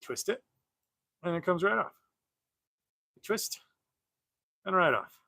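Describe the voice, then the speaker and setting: A toy-collecting livestream host chats casually while unboxing, rambling with frequent fillers, restarts and laughter. His high-pitched voice is gravelly, pushed and bright, animated yet taken slowly. There's no echo.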